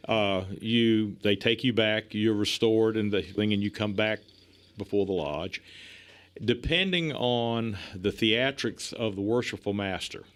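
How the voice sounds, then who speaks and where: A man in his sixties with a somewhat low voice tells lively stories as a podcast guest. He acts out other people's lines and laughs often as he goes. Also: measured pace. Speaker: police chief, podcast guest. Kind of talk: casual storytelling in a podcast interview.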